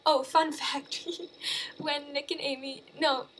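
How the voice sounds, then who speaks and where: A woman casually recapping a movie in a chatty, animated way. She uses lots of fillers and corrects herself as she goes. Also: sits high, takes it slowly, slight background noise. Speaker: movie reviewer.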